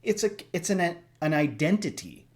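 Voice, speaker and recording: A man hosting a casual reaction discussion, talking in an animated way that swings up and down. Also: moderate pace. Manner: animated, shifts pitch and loudness a lot, acts out voices. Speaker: reaction video host.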